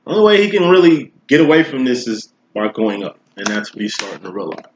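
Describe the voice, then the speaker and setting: A man's voice: medium pitch, big pitch swings, quick pace, a little hiss or hum. A man giving a casual tarot reading, talking straight to the viewer in slangy, profane, conversational speech. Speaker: tarot reader. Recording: roomy, dull lo-fi recording.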